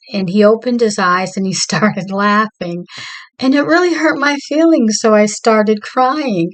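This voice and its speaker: A woman telling a gentle personal story from her church, her voice lifting when she quotes others. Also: medium pitch, poor audio. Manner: slow, gentle, animated when quoting. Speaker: church member sharing a story.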